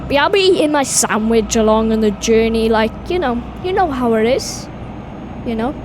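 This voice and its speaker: A woman with a Welsh accent chatting excitably to viewers while playing a driving game. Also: fairly high pitch, a little fast. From Wales. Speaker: gaming video host. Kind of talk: casual gameplay commentary. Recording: game engine noise behind voice. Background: truck and vehicle sounds from game.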